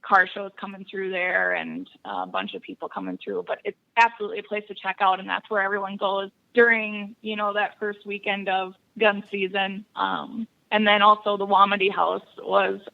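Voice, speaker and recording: A woman's voice: medium pitch, normal speed, creaky, hardly any pauses, highs cut off. A woman from Wisconsin, a podcast guest telling hunting stories in a casual interview, laughing often. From Buffalo County, Wisconsin. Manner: laughs often, lively storyteller.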